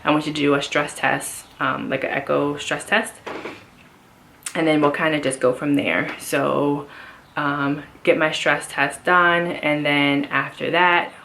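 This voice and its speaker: Low-voiced woman rambling through a story. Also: level tone, a little slow, creaky, a bit bright, a little hiss or hum. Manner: rambling, many fillers and restarts. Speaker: vlogger. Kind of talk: casual personal health update.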